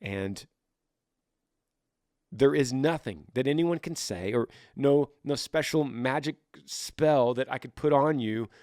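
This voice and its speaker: Podcast host guy, earnest and rambling, restarts a lot, dry close mic, mid pitch. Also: a little mellow, dry recording. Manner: rambling, earnest, repeats words while searching. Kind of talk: casual advice monologue.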